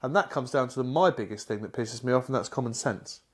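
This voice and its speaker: A British man in casual podcast chat, opinionated and blunt. He swears freely and slips into quoted voices when retelling work calls. His pitch is ordinary for a man. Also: quick pace, slightly rough. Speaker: podcast co-host.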